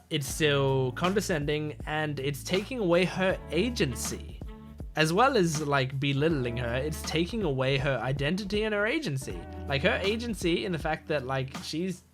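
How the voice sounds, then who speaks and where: A young man on a headset mic hosting an anime reaction video, talking casually and hesitantly with many pauses and restarts. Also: on the high side. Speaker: anime reaction channel host.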